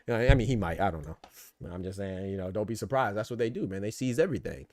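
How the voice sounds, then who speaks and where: A man hosting a podcast, riffing in casual, animated commentary full of rhetorical asides and swearing. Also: on the low side, fast talker. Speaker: podcast host. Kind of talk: casual boxing and politics commentary.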